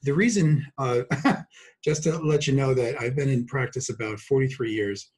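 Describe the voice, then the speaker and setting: A man's voice: medium pitch, normal speed, a little mellow, breathy edge, low-quality recording. A man in his sixties from Brooklyn, a guest doctor talking about his practice in a chatty, joking way with many fillers. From Brooklyn, New York. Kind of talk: casual talk.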